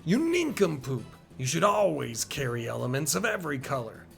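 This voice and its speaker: A man voicing a stern male knight commander, speaking low and curtly, with a gravelly edge. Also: sing-song, moderate pace, fairly bright tone, faint music behind, exaggerated voice. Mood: scolding. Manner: low, curt, threatening.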